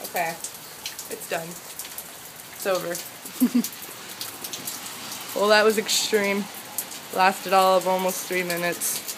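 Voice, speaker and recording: A young woman filming a hailstorm on her phone, narrating casually and excitedly, with a lot of swearing and laughter. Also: medium pitch, slow, pauses often. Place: home doorway, hail outside. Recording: loud hail noise behind. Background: hail and rain.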